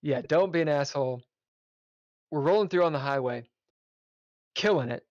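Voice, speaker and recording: A man's voice: on the high side, normal speed, a little mellow, no room sound. A man, a podcast guest, telling a casual road-trip story with swearing and laughter. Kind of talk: casual chat. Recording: dull lo-fi audio.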